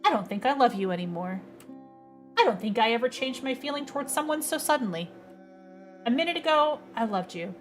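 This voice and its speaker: A woman's voice: on the high side, expressive, a little fast, soft background music, close to an everyday voice. A woman reading a game's dialogue aloud, voicing a disillusioned young man who speaks bluntly and scornfully. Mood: cold.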